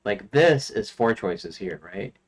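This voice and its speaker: Low-voiced man thinking aloud. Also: animated, slow pace. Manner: thinking aloud, counting under his breath, trailing off. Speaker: game developer streaming his work. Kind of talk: casual work-along commentary.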